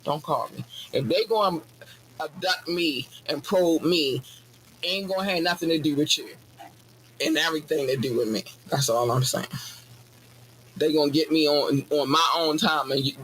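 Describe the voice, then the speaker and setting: A man with a somewhat high voice rants his way through a casual podcast monologue, swearing freely and jumping into sudden high-pitched bursts for comic effect. A faint hiss of background noise sits under his voice. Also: moderate pace, rough recording. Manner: animated, profane, jokey ranting with sudden high-pitched outbursts. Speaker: podcast host.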